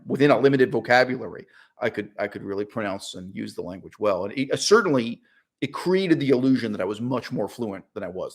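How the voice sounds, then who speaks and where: A middle-aged man holds forth in a casual monologue at an ordinary pitch. His talk is animated and opinionated. He speeds up in bursts, throws in fillers and breaks into short laughs. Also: husky. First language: English. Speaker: channel host.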